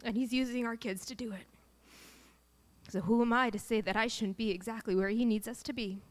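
A woman's voice: a little high, fairly even intonation, fairly quick. A woman in her thirties, a mother telling her family's story as a personal faith testimony, in an earnest and emotional way.

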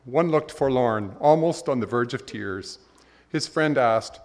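A man's voice: mid-range voice, expressive, measured pace, big-room sound. A man preaching, opening his sermon by telling short jokes in a playful storytelling manner. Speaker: pastor.

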